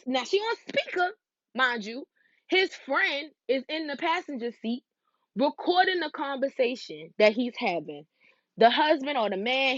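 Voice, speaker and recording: A woman in her twenties hosting a podcast, telling stories in a casual, animated way, with slang and frequent asides to her listeners. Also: high voice, dry recording, lo-fi sound. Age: 20s. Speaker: podcast host. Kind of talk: casual solo podcast chat.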